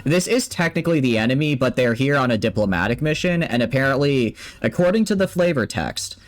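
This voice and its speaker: A man's voice: medium pitch, expressive, fairly quick. Chatty man streaming a game. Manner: chatty, thinks aloud with fillers and restarts. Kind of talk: casual gameplay commentary.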